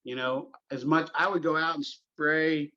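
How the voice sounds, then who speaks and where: A man's voice: fairly high pitch, fairly even intonation, unhurried, sharp tone, highs cut off. A middle-aged man, a golf course superintendent, telling long stories in a casual podcast interview, with lots of fillers and restarts. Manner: rambling storyteller, many fillers and restarts.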